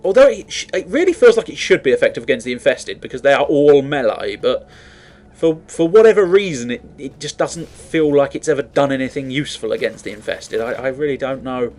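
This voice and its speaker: A man's voice: mid-range voice, animated, brisk, a little mellow. A man giving casual, rambling commentary while playing a game, swearing freely and laughing at himself. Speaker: gaming commentator.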